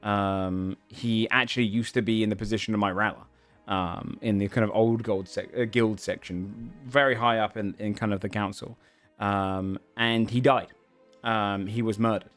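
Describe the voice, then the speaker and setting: A man narrating a tabletop game as game master, halting with fillers and restarts. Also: fairly low pitch, fairly even intonation, a bit bright, soft background music.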